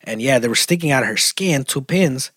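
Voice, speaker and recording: Husky man telling a slangy story. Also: mid-range voice, a little fast, dry recording, clean studio sound. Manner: profane slangy storytelling, grows loud and animated. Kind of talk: casual chat.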